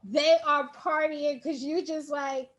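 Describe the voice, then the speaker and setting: A woman's voice: high voice, fairly even intonation, a little slow. A woman hosting a podcast, affirming and enthusiastic as she responds to her guest. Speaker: podcast host. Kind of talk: podcast conversation.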